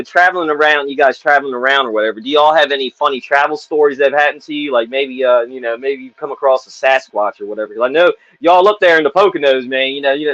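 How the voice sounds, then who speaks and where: A man's voice: medium pitch, fairly bright tone, no room sound. A man hosting an interview, asking loose, laid-back questions full of fillers. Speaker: interview host. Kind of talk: casual interview chat. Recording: dull, lo-fi, dry sound.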